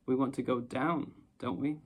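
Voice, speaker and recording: A man voicing a drowsy, curious young boy in an audiobook, with a relaxed, easygoing delivery. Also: medium pitch, normal speed, husky, lightly acted. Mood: reassuring. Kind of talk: audiobook character reading.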